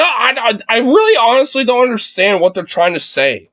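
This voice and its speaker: A man's voice: high voice, very animated, moderate pace, a bit bright. A young man live-streaming his reaction to a video, talking casually with incredulous exclamations and lots of swearing.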